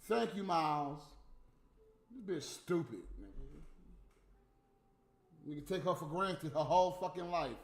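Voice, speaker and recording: A man's voice: fairly high pitch, unhurried, long pauses. Profane ranting man in an echoey room. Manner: profane, ranting, swings from mutters to loud outbursts. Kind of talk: casual rant to viewers. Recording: roomy echo, faint music behind.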